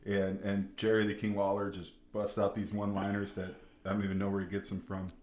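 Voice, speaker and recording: A man co-hosting a podcast in casual chat, measured and easygoing, recorded in an echoey room. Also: on the low side, completely flat delivery, a little mellow, slight background noise. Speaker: podcast co-host.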